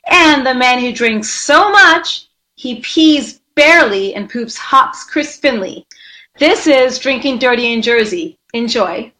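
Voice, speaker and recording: A woman's voice: high voice, pushed and bright. A woman reading a scripted, playful show intro. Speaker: show announcer.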